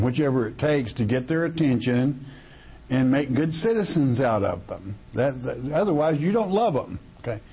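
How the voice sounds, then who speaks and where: A man's voice: mid-range voice, slightly rough, lo-fi sound. A man preaching a sermon in a folksy, emphatic way, often repeating words as he restarts a thought.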